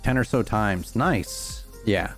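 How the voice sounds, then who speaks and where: A man's voice: on the low side, slow, soft background music. A young man chatting casually on his livestream while playing, rambling and answering chat with lots of fillers. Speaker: streamer.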